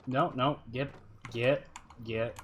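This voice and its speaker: A man's voice: medium pitch, fairly even intonation, takes it slowly, fairly bright tone, a little hiss or hum. A man streaming a game live, chatting loosely, muttering to himself and answering his viewers. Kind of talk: casual live gameplay commentary.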